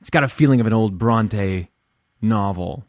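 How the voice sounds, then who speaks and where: A man's voice: fairly low pitch, moderate pace, no echo, studio quality. A man from Central California hosting his own podcast, talking at home in a wry, self-deprecating, rambling way. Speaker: podcast host. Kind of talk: casual solo podcast monologue.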